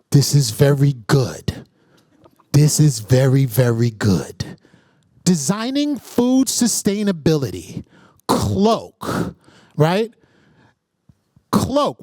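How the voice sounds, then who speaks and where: A man's voice: fairly high pitch, sing-song, slow pace, pauses often, darkish tone, no room sound, studio quality. A man facilitating an interactive workshop, energetically calling on the audience and checking in with "right?" as he goes.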